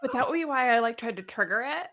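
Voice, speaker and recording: A young woman chats on a morning show, spinning an animated story with frequent laughs. Her voice sits a little high and comes across bright and forceful. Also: fast. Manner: animated, chatty storyteller who laughs often. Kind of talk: casual chat.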